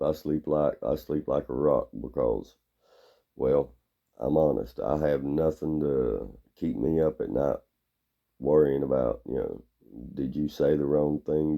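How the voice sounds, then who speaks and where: A man giving a blunt, gruff, rambling opinion monologue. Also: very deep voice, dull audio.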